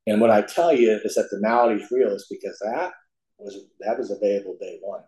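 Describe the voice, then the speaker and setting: An older man speaks to a recovery meeting, folksy and emphatic as he tells his story. His voice sits fairly low. The room around him is echoey, like a hall. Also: fairly quick, dark tone.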